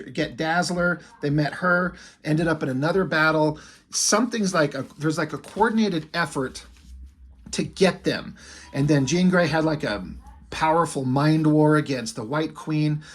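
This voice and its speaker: A man's voice: a little high, normal speed. A man who reviews comics and draws, retelling a story in a rambling, casual way full of fillers. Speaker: comic book reviewer and artist.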